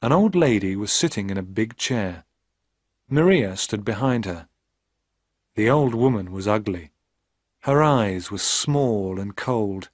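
Man reading an easy english story, slow and clear, lots of ups and downs. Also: lowish voice, dry recording, clean studio sound. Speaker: narrator. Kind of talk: scripted narration of a graded reader.

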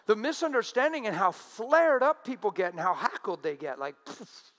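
A man preaching a sermon, animated, drawing out the words he quotes for emphasis. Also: high-pitched, moderate pace.

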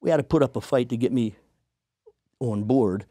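A man, a podcast guest, telling a story casually and acting out the people he quotes in a higher voice. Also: normal speed, dark tone, no echo, clean studio sound. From United States.

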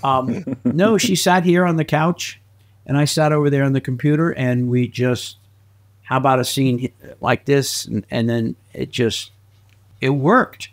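Speaking a little slowly in a middle pitch, a man who acts and makes films spins anecdotes as a guest in a laid-back interview. He's an energetic storyteller, quick to laugh and fond of doing small voices.

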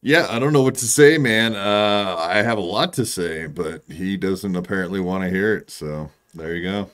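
A man's voice: deep voice, moderate pace, fairly bright tone, clear, resonant tone. A man calling into a stream, angrily confronting another caller. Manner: confrontational, accusing. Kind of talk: heated call-in argument.

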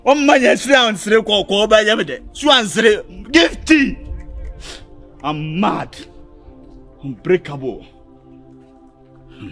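A man's voice: sits high, sing-song, takes it slowly, gravelly, long pauses, a bit bright, faint music behind, heavily acted. A man with a Ghanaian accent playing a heartbroken young man who wails and pleads dramatically for his lost lover. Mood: pleading. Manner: wailing, pleading, crying out dramatically. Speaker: actor in a comedy film. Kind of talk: Ghanaian film acting.

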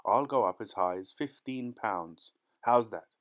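Guy doing a sly, overly polite fake parson, wheedling and fussy, low voice. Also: a little slow, natural voice. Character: fussy, ingratiating male antiques dealer posing as parson.

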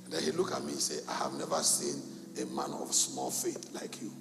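A middle-aged pastor from Cameroon, preaching a sermon and telling a story with animated, acted-out dialogue in a gravelly voice. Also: male voice, rumbling low, a little fast, music in the background. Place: church hall. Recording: echoey church hall.

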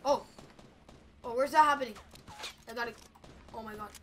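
A woman's voice: fairly high pitch, normal speed, a little hiss or hum. A young woman giving live gameplay commentary, chatty and anxious, talking straight to her viewers. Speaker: gameplay video creator.

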